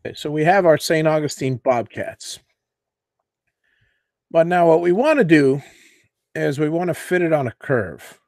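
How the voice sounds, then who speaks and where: Guy hosting a cnc show, talks real slow, kinda high voice, dry close mic, lots of uh and let me see. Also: lively intonation, no echo. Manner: slow, thinking aloud with fillers and self-corrections. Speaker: host of a CNC woodworking show. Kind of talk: live software tutorial.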